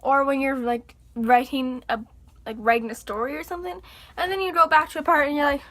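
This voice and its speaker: Bright, high-voiced young woman vlogger. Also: brisk. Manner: chatty and animated, acts out exasperated reactions. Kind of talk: casual chat to camera.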